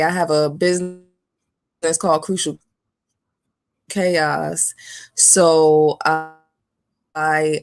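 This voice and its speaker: A woman from the northern US talking as a guest on a casual video call, halting with fillers and laughing as she goes. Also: low voice.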